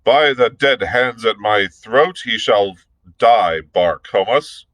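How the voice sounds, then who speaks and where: A man voicing a savage, scarred green Martian warrior chieftain who talks in a loud, menacing, defiant way, in a storybook read-aloud. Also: fairly low pitch, lively intonation, slow pace, no room sound. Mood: roaring.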